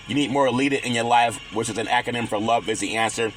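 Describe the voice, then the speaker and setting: A man's voice: medium pitch, fast talker, few pauses, rough recording. A man hosting his own sports podcast, talking in a repetitive, preachy monologue full of slogans. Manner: repetitive, preachy, builds to loud chanting. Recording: loud music and crowd behind. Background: loud music and crowd.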